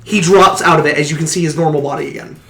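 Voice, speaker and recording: A man narrating as game master of a tabletop role-playing game, halting with many fillers and restarts and laughing often. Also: fairly high pitch, fairly even intonation, bright, forceful tone. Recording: echoey room, faint noise.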